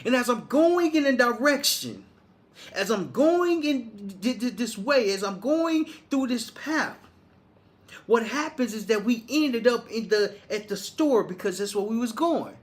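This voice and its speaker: A man's voice: very high voice, sing-song, unhurried. A man from Arkansas, giving a motivational monologue in a preachy, repetitive way with many restarts. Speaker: motivational speaker.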